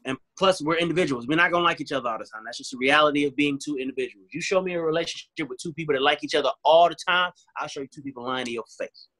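A man's voice: a little high, racing, few pauses, bright, forceful tone. A man talking earnestly and emphatically in a casual chat, repeating his points. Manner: earnest, emphatic, repeats phrases, acts out both sides of arguments.

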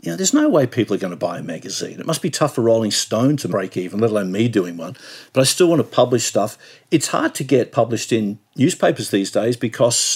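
Husky Australian man, animated storyteller. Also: medium pitch. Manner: animated storyteller, repeats words. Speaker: podcast guest. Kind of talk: casual chat.

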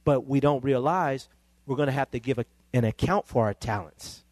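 A male pastor, preaching a sermon that climbs into emphatic, excited peaks. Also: mid-range voice, moderate pace, no echo.

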